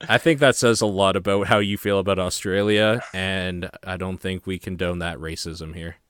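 A man's voice: low-pitched, steady tone, moderate pace, fairly bright tone, clean tone, no room sound, clean studio sound. A man co-hosting a podcast, chatting casually, reading out viewer questions, and teasing his co-host in a wry way. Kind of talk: casual chat.

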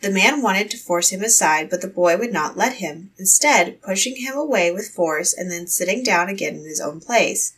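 A woman reading a fairy tale aloud in a measured storytelling manner. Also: mid-range voice, expressive, a bit bright, husky, distant mic, poor audio.

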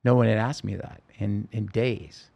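A man, a podcast guest, telling a personal story in a halting, emotional way with many restarts. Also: on the low side, steady tone, gravelly, darkish tone, muffled recording.

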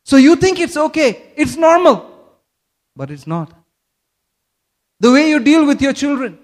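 A man's voice: very high voice, animated, a little slow. A man from Kerala, India, preaching a sermon and asking the congregation questions. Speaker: pastor.

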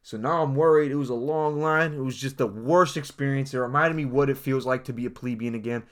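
A man's voice: mid-range voice, brisk, fairly bright tone. A young man delivering a swaggering, mock-serious comedic monologue, talking straight to his audience. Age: young adult. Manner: hyped, swaggering, addresses the audience directly. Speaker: comedic speaker.

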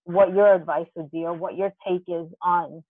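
A woman's voice: on the low side, steady tone, normal speed, no room sound. A woman in a casual chat, asking curious questions and giggling between them. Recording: dry, phone-like sound.

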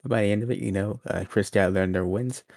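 A man co-hosting a wrestling podcast, quick and sarcastic in casual chat. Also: fairly low pitch, steady tone, creaky, darkish tone, no echo, studio quality. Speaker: podcast co-host.

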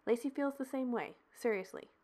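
A woman's voice: on the high side, normal speed, mellow, voice pushed up, close to an everyday voice. A woman voicing an intense, sincere man who talks earnestly and reassuringly.

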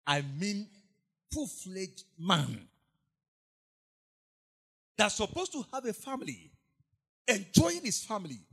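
Male pastor, sermon delivery, lively pitch that sits a touch high, dramatic storyteller. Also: slow pace, pauses often, breathy edge. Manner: animated storytelling, acts out quoted voices, swings from hushed to shouted.

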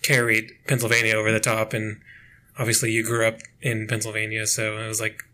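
A man's voice: lowish voice, completely flat delivery, brisk, bright, forceful tone, a little hiss or hum. A young man co-hosting a podcast in casual chat, laughing often and rambling with fillers. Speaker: podcast co-host.

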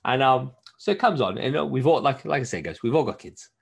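A man's voice: mid-range voice, quick pace, vocal fry, husky. A man co-hosting a podcast, telling stories in casual chat and swearing freely. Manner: animated storytelling, swears freely. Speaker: podcast co-host.

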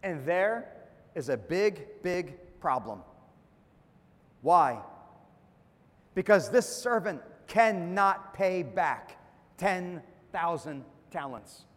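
High-voiced preaching man, reverberant hall. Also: animated, extremely slow, pauses often. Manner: preaching with emphatic drops and rises, calls for amen. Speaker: pastor. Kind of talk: sermon.

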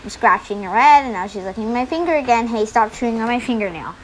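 A woman's voice: fairly high pitch, animated, fast, heavy background noise. A woman hosting her own podcast in a casual chat, rambling and hesitant with many fillers, recorded on a phone at home. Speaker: podcast host. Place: indoors at home.

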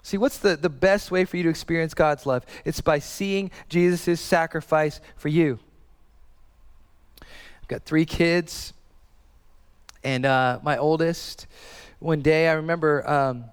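Earnest, fairly high-voiced male preacher. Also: clear, resonant tone, in a large hall. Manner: earnest, conversational, repeats phrases for emphasis. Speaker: pastor. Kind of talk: sermon.

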